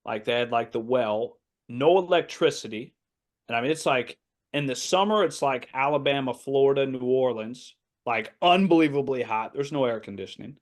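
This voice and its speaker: Male, 30s, American, podcast guest, lively storyteller who voices other people. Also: mid-range voice, moderate pace. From United States. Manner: animated anecdote-telling, acting out quoted voices, laughs often. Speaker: assistant basketball coach, podcast guest. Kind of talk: casual storytelling in a podcast interview.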